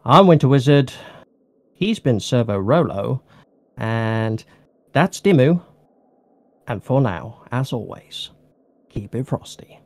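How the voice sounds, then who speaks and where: Man, podcast host, casual rambling chat, dry close sound, mid pitch. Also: sing-song, slow, pauses often, dry recording. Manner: rambling, self-correcting, jokey.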